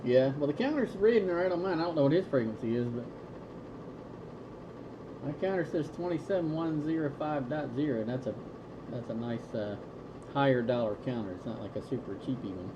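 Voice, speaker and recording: A man on CB radio talking in a relaxed way about his equipment and frequencies. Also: mid-range voice, fairly quick. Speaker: CB radio operator. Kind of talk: casual CB radio chat. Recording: lo-fi CB radio with static.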